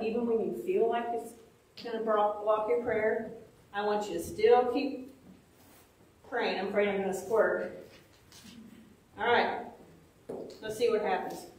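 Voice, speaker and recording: A woman leads a children's Bible lesson in a lively, questioning way, acting out little prayers as she goes. Her voice sits a little high and comes from some distance away. The church room around her is very echoey. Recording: echoey room, mic far off.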